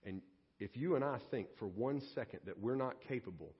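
A man preaching a sermon as pastor, dramatic, swinging between loud bursts and hushed low passages. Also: expressive, a little fast, husky. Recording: dull lo-fi audio with long church reverb.

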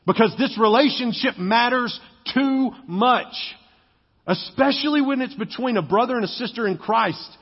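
A male pastor with a high, husky voice preaches a conversational sermon, slipping into other voices to act out quotes. The sound is dull and lo-fi, with a long reverb from a church sanctuary. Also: normal speed. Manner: conversational and joking, acting out quoted speech.

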